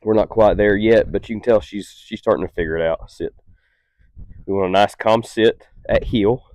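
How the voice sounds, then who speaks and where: A calm, patient man with a fairly low voice demonstrates how to train a dog. His explanations stay steady and unhurried, punctuated by short, stern commands, and the sound is dry and close with no echo.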